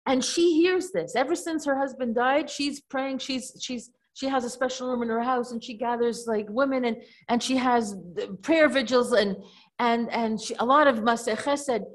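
Woman storyteller, casual retelling, somewhat high pitch, rambling asides and restarts. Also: moderate pace. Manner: digressive, self-correcting with chatty asides.

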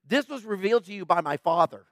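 Fast and animated, this high-pitched man preaches as a pastor in an emphatic, plainspoken, conversational style, often ending points with "right?" to check in with listeners. The sound is studio quality, a bit bright, with no room sound.

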